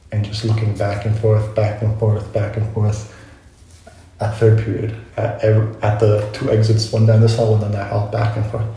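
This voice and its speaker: The clip captures a young man vlogging about something from his own life, his fairly low voice creaky and mellow. He rambles, corrects himself and reflects mid-story, in a very echoey room with faint background noise.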